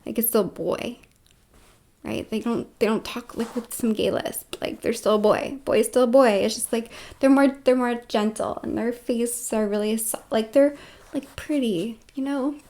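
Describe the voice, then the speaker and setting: A woman's voice: on the high side, moderate pace, warm tone. A woman vlogging in a casual, rambling monologue, full of filler words and with dips into whispered asides.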